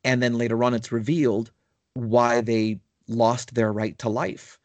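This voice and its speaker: A man's voice: mid-range voice, flat delivery, a little slow, no room sound. A man in casual podcast chat, telling a long story with enthusiasm and many fillers. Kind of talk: casual chat about tabletop gaming.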